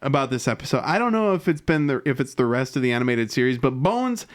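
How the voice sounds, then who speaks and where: Smooth-voiced man recapping a show. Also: medium pitch, big pitch swings. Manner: rambling, swears freely, acts out characters' lines in quick voices. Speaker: podcast co-host. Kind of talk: casual chat recapping an episode.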